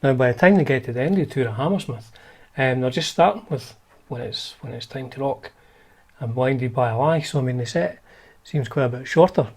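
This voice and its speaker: A man's voice: medium pitch, a little fast, husky. A man hosting a guitar channel, chatting casually and wryly through old magazines, with lots of fillers and restarts.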